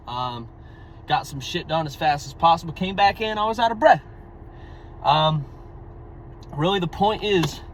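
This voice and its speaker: A man's voice: on the high side, a little hiss or hum, low-quality recording. A young man talking to his own camera in a blunt, rambling, profane way, a little out of breath. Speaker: vlogger. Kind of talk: casual monologue to camera.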